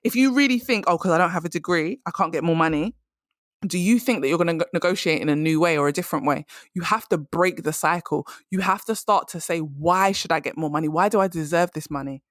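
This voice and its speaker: A woman's voice: fairly low pitch, fast talker, no echo, studio quality. A woman hosting a podcast, giving direct, emphatic career advice in a casual monologue. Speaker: career coach and podcast host.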